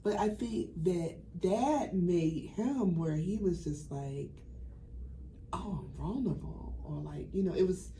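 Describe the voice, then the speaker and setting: A woman's voice: fairly low pitch, measured pace, hardly any pauses, mellow, echoey room, slight background noise, rough recording. A woman hosting a podcast, chatting casually and often backing up her guest with short replies. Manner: frequent encouraging backchannels. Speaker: podcast host.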